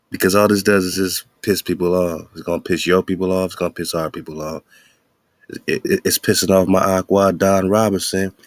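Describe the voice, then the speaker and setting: A man's voice: deep voice, little pitch movement, normal speed, no echo. A male radio host giving casual, heated commentary, slangy and preachy.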